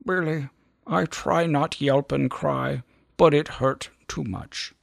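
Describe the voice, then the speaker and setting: A man's voice: fairly high pitch, vocal fry, no room sound, studio quality, pitched above the performer's own voice, heavily acted. A man doing a dying little dog in broken speech. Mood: weak. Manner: slow, weak, childlike broken grammar.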